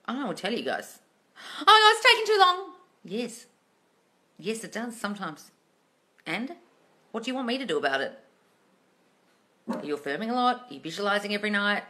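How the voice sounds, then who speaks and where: Blunt, sharp-voiced woman coach. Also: mid-range voice, lively intonation, brisk, pauses often. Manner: blunt, profane, scolding; sarcastic mimicry of viewers. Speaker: manifesting coach. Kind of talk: live-stream question and answer.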